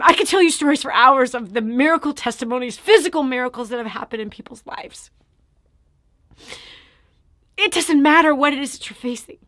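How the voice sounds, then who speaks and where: Woman preaching her testimony, high voice, dramatic with lots of whispery drops, dry close sound. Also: fairly bright tone, no room sound. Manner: dramatic, often dropping to a whisper. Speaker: Christian motivational speaker.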